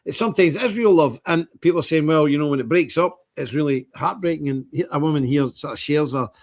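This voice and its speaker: A middle-aged man with an Irish accent hosts a church channel's update stream, delivering a casual, rambling monologue. He's animated and acts out bits of quoted dialogue, speaking fast in a voice on the high side.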